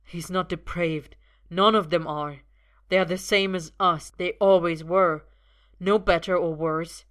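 A woman reading the part of a desperate young man who shouts defiantly at his father through tears. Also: fairly low pitch, fairly even intonation, a little slow. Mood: shaky defiance. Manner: shaky, then shouting and tearful.

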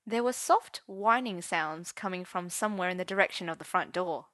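Bright-voiced woman narrating a story. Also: on the low side, normal speed, no echo, clean studio sound. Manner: expressive, switching voices for characters. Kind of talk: audiobook narration of romance fiction.

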